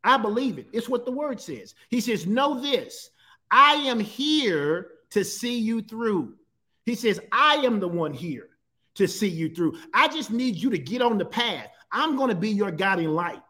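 High-voiced man preaching with emphasis. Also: sing-song, a little slow, bright, forceful tone. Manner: emphatic preaching, repeats and stretches key phrases. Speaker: pastor. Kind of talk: sermon.

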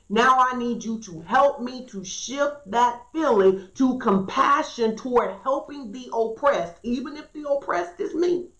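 A woman's voice: fairly high pitch, expressive, a little slow, hardly any pauses, a bit bright. A woman pastor preaching an earnest, emphatic sermon and reading scripture aloud. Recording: echoey room.

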